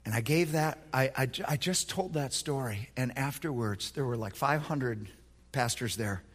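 Husky, bright-voiced pastor preaching. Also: male voice, medium pitch, moderate pace, long reverb tail. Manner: passionate, swinging from hushed to shouting. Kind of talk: sermon.

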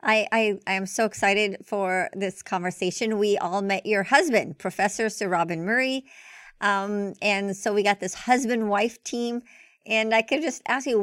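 A woman hosting an interview, eager and asking questions with halting restarts. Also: mid-range voice, no room sound, studio quality. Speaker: interviewer, host. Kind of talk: interview conversation.

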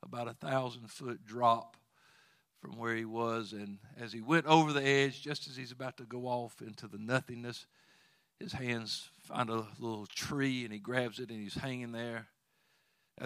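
A man preaching a sermon as pastor of a church, telling homespun stories and rising to loud exhortation when he leads praise. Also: medium pitch, clear, resonant tone, no room sound, studio quality. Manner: folksy storytelling with plain asides.

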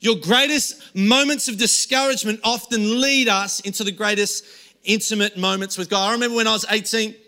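Man, young adult pastor, sermon, high voice, storytelling with restarts. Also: fairly even intonation, brisk, bright, forceful tone. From Australia. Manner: conversational storytelling with frequent restarts. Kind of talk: sermon streamed online. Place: room with few people.

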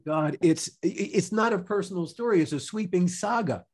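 A man's voice: sits high, normal speed, a little mellow. A man hosting a podcast interview, asking questions in a casual, enthusiastic way. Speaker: podcast host.

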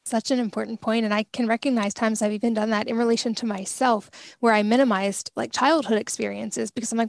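A woman's voice: fairly high pitch, fast talker, vocal fry, no room sound. A woman hosting a podcast, asking long, thoughtful questions and sharing personal reflections. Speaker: podcast host. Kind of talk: podcast interview.

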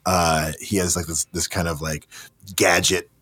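Deep-voiced man pitching an improvised movie. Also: unhurried, breathy edge, dry recording. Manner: rambling, animated storytelling with mock outrage. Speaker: comedy podcast co-host.

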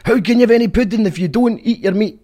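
A man's voice: high voice, fast talker, warm tone, voice pushed up. A man putting on a bellowing stern schoolmaster. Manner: bellowing, exaggerated put-on accent. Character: stern shouting male schoolmaster, mock Scottish.

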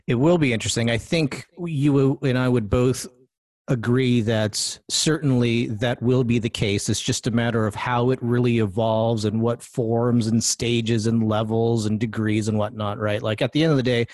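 A man hosts a relaxed talk show conversation at a mid-range pitch. He thinks out loud, restarts phrases and keeps asking his guest whether he agrees. The sound is dry and close, with no room echo. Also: normal speed. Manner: conversational, self-correcting, asks for agreement. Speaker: podcast host. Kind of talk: casual political discussion.

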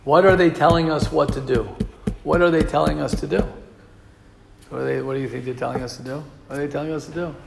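A man's voice: fairly high pitch, fairly even intonation, fast, creaky, slight background noise. A man giving a Torah class to young students, emphatic and repeating key phrases, mixing in Hebrew and Yiddish terms. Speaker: Torah teacher. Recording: echoey hall.

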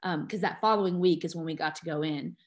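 A woman's voice: low voice, fast. A woman, an adoptive mother and guest, telling her personal story with feeling, tearful and full of fillers and restarts.

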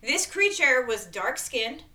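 Chatty woman host, bright tone, pitched a bit high, tells stories with quips. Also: very animated, slow. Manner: chatty storytelling with playful asides. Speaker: podcast co-host and storyteller. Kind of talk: casual chat.

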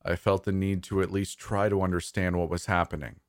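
Deep-voiced man narrating horror. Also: flat delivery, brisk, no room sound, studio quality. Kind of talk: scripted first-person horror narration.

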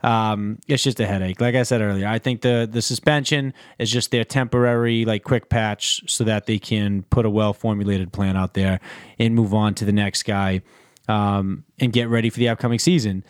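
A man hosting a casual sports podcast, talking in a relaxed, rambling way with lots of fillers. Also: on the low side, normal speed, clean tone, no room sound, clean studio sound. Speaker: podcast host.

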